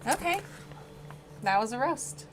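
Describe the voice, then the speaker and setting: A woman co-hosting a casual hobby chat, teasing playfully with quick jokes and laughs. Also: high voice, very animated, fairly bright tone. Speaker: co-host.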